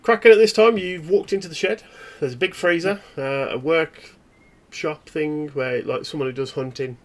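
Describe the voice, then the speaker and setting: A man running a tabletop horror game as game master, describing scenes in a relaxed, meandering way. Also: fairly high pitch, normal speed.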